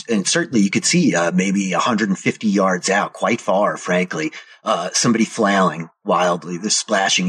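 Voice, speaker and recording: Low, husky game master narrating. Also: male voice, sharp tone. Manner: slow, descriptive storytelling.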